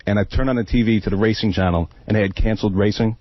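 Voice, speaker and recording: Fast-talking male radio staffer, stammering, dry dull broadcast sound. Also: lowish voice, fairly even intonation, no echo. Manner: stammering and self-deprecating. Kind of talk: confessional radio chat.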